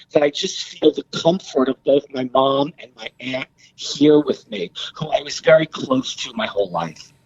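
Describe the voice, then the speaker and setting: Middle-aged man, podcast guest, lively storyteller, dry dull sound. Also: a little high, dry recording. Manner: animated, acts out quoted voices. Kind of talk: casual storytelling.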